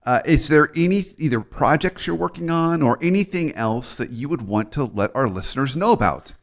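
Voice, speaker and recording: A man hosting a podcast interview, asking his guest questions in a polite, measured way. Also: on the high side, animated. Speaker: podcast host. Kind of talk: interview wrap-up.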